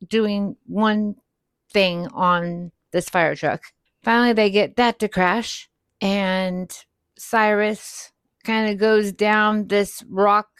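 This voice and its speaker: Podcast co-host, woman; slow, relaxed recap voice, close and dry. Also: medium pitch, clear, resonant tone, dry recording. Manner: retells scenes with quoted lines, laughs often. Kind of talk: casual movie recap chat.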